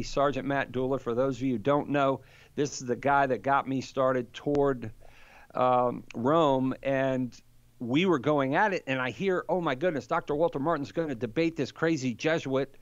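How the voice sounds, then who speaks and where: A man in his fifties, a podcast guest, telling a story in an animated way and chuckling as he goes. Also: medium pitch, no echo. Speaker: guest apologist. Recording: dull, dry sound.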